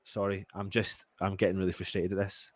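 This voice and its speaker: An English man gives live fan reactions to a match, exasperated and swearing as he swings from low mutters to loud outbursts. His tone is level and his pace brisk, with no echo.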